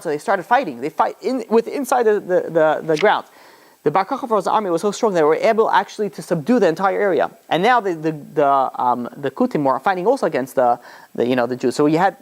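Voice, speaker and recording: A man, a rabbi, retelling a story in a loose, rambling way, full of fillers and restarts. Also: a little high. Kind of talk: storytelling talk.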